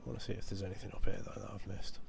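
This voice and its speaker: A man's voice: deep voice, rapid-fire, creaky, noisy background. Punning Yorkshire man streaming a game. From England. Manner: rambling and pun-loving, with sudden excited yelps. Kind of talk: casual live gameplay commentary.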